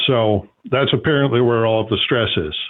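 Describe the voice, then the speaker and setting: A man hosts a call-in radio show, his mid-range voice moving at a normal speed as he explains things at length with lots of fillers. The audio is narrow and phone-like.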